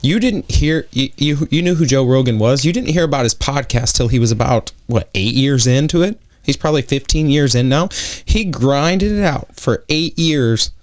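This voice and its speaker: A man's voice: mid-range voice, animated, normal speed, a little mellow. A man co-hosting a podcast, talking in an emphatic, opinionated and blunt way in a casual discussion. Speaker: podcast co-host.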